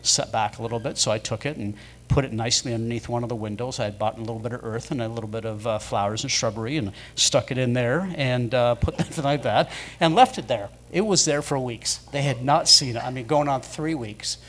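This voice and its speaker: A man's voice: mid-range voice, fairly quick, fairly bright tone. A man telling casual anecdotes as a guest at a live show in a pub, rambling, with many fillers.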